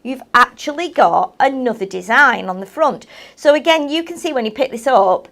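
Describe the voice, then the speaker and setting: A high-pitched woman hosts a live craft show. Her talk is chatty and friendly, full of little tag questions and ums as she shows off products. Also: animated, moderate pace, a bit bright. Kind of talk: live product demo chat.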